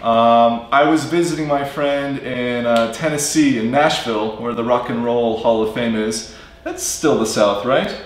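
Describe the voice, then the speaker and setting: A man's voice: medium pitch, a little slow, slight background noise. American man telling a story, echoey. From United States. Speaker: English teacher, live stream co-host. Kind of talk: casual live-stream chat and storytelling. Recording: very echoey room.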